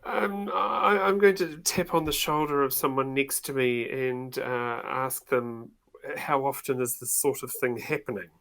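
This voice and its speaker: Gravelly-voiced male player. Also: medium pitch, steady tone, measured pace, fairly bright tone. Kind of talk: casual game table chat.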